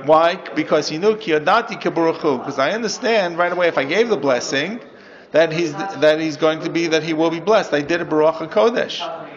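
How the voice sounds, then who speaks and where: A man's voice: on the high side, brisk. A man teaching a text class as a rabbi, reading Hebrew lines and then explaining them step by step to his students. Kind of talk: classroom Torah lesson. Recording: dull lo-fi audio with class chatter.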